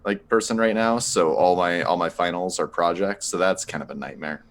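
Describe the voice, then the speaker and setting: A university student in his twenties chatting casually before a tabletop game, speaking haltingly with many fillers. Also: deep voice, crowd noise. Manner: hesitant, filler-heavy speech. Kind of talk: casual chat over voice call.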